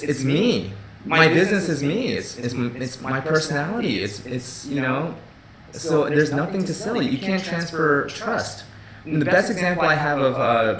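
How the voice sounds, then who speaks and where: A man with a medium-pitched voice, a groomer, hosts a live Q&A stream from his office in loose, casual talk. He restarts and repeats himself, filling gaps with "you know" and "right?". His voice echoes in a roomy space, with people murmuring behind him.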